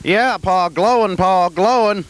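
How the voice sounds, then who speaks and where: A man playing a dim-witted, meek farm son in a comedy sketch, slowly repeating what his father says. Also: high voice. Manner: slow, repetitive echoing of his father.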